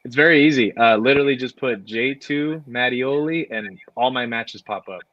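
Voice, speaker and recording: A man, a guest wrestler, telling stories in a relaxed way, with lots of fillers and laughter. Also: mid-range voice, moderate pace, dry recording. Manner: laid-back, many fillers, laughs while telling stories. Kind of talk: casual storytelling. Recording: dry, dull lo-fi audio.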